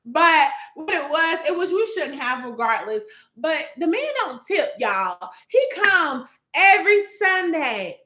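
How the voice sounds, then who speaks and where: Young woman co-host, bright and expressive, high voice, echoey room. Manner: expressive and reactive, jumping in with comments. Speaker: podcast co-host. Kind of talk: casual chat.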